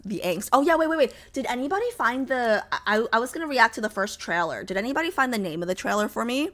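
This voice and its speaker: Young woman, casual livestream chatter, bright tone, slightly high voice, rambling with fillers, a bit under the weather. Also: lively intonation, quick pace, hardly any pauses. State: a little sick, lower voice. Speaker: streamer.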